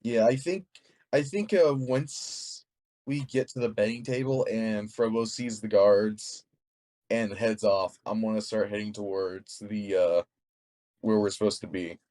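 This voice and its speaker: A man's voice: lowish voice, steady tone, unhurried, warm tone. A young man taking part in a tabletop game, talking hesitantly with many fillers. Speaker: player. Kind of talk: casual tabletop play.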